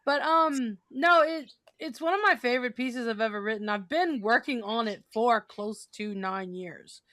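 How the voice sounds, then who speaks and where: A woman co-hosting a podcast, telling stories in a lively casual chat and laughing often. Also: fairly high pitch, moderate pace, no room sound, clean studio sound. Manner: animated storyteller, laughs often. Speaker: podcast co-host.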